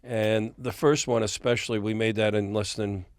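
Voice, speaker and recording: Speaking at a normal pace in a lowish voice, this older music-industry guest on a podcast tells lengthy, lively stories and performs the quoted lines himself. The studio audio is clean, with no room sound.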